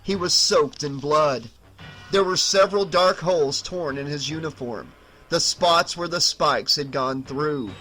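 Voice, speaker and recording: Guy narrating horror book, bright crisp voice, kinda high. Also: a little slow, soft background music, poor audio. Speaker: audiobook narrator.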